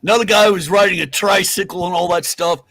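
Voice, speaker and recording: A man's voice: sits high, steady tone, fast talker, a bit bright, no echo. A man hosting a podcast in casual, rambling chat, swearing freely. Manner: rambling, profane, loose. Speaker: podcast host.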